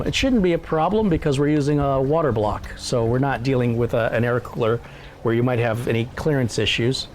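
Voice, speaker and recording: A man's voice: mid-range voice, lively intonation, moderate pace, a little hiss or hum. A man hosting a live stream in a casual, chatty way, reading viewer messages aloud and joking at his own expense. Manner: self-deprecating joking.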